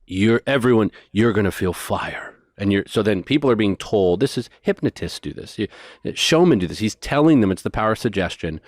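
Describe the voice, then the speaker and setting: A man telling a story as a guest in a conversation, animated and rushing through details. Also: fairly low pitch, no room sound, clean studio sound. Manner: animated, fast bursts of detail.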